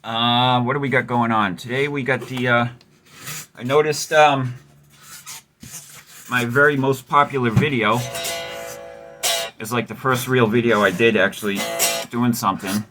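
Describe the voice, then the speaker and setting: Medium in pitch and sharp in tone, he speaks unhurriedly and steadily, pausing often. As host of a guitar repair channel, he chats while working on a guitar, rambling, self-deprecating and wry, with fillers throughout.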